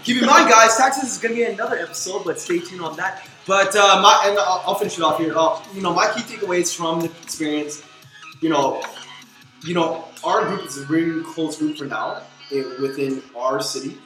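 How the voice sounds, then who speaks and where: A man's voice: sits high, a little fast. A man hosting a casual podcast, upbeat and keeps calling out to his listeners. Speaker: podcast host. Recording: roomy room with loud music behind.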